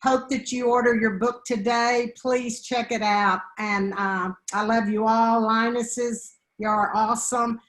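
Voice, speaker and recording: A woman's voice: on the high side, steady tone, unhurried, few pauses, a bit bright, echoey room, poor audio. A woman co-hosting a live online show, handing over to speakers with enthusiastic, gushing praise. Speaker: co-host.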